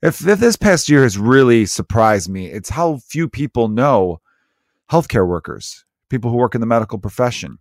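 A man who is a comedian hosting his own podcast, telling stories in an animated, profane way with frequent laughter. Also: medium pitch, moderate pace, dry recording, clean studio sound. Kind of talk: casual comedic podcast monologue.

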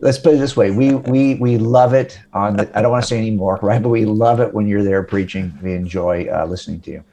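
A man's voice: on the low side, a little fast, warm tone. A man with an American accent, speaking as a podcast guest in a thoughtful, reflective way. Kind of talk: casual podcast interview.

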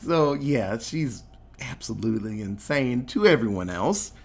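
A man chatting about a film he watched, telling the plot in a loose, profane way. He slips into quick impressions of the characters as he goes. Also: medium pitch, slightly rough. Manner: animated storytelling, acting out quotes. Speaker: podcast co-host recapping a film. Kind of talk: casual chat, profane movie recap.

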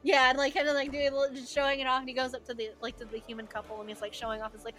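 A woman's voice: high voice, level tone, rapid-fire, a bit bright, faint music behind. Chatty woman running a tabletop game. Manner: chatty, full of "like" and "uh". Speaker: game master.

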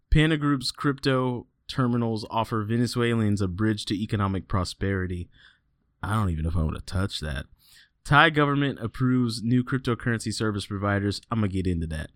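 A podcast host who tells stories with lively swings in pitch, swears freely and laughs often. His voice is recorded dry and close to the mic. The tone is loose, casual banter. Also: dry recording. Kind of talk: casual podcast chat and headline reading.

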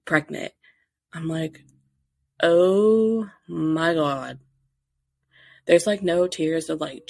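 Young female podcast host, low voice with vocal fry, chatty storyteller who acts out the quotes. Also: no echo, clean studio sound. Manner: animated, acts out quotes, many fillers. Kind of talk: casual storytelling.

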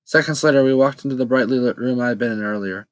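A man narrates a first-person story in a steady, plain reading voice. His pitch sits in the middle range for a man. The recording is dry and close, with no room sound. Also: fast talker, dry recording, low-quality recording. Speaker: audiobook narrator.

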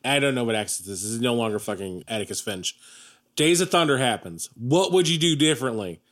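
A man's voice: mid-range voice, lively intonation, fast talker, fairly bright tone. A man co-hosting a casual movie podcast, wry and teasing, swearing casually as he retells anecdotes. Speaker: podcast co-host.

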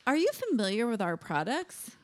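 A woman's voice: fairly high pitch, big pitch swings, moderate pace, no echo. A woman reading the part of a polite, businesslike male job interviewer. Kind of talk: reading a comedy script aloud.

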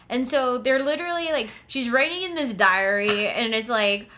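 A woman's voice: a little high, moderate pace, few pauses, sharp tone. A woman chatting casually about a film, rambling, blunt and sarcastic, often laughing. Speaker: podcast co-host reviewing a film. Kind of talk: casual chat.

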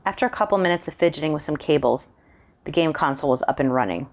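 A woman reading a spooky short story aloud, calmly narrating in the first person. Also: low voice, fast.

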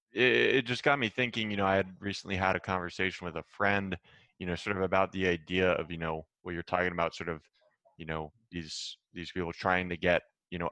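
Very deep-voiced man, hesitant host. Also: a bit bright, dry recording. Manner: hesitant, many "you know" fillers. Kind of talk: casual interview talk.

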